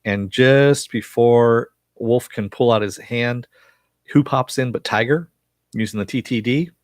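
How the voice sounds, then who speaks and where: A man's voice: mid-range voice, a little slow, no room sound, studio quality. A man casually recapping a TV episode for viewers, rambling with frequent fillers and chuckles. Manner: reads viewer chat aloud. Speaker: TV episode reviewer.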